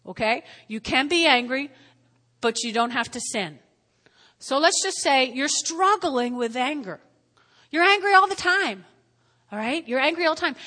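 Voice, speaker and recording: A woman preaching to a congregation in a high, bright voice. She repeats her key words and calls for responses, dropping to quiet asides before rising to loud emphasis. A long hall reverb follows her lines. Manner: repetitive, call-and-response, swings from quiet to loud. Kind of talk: sermon.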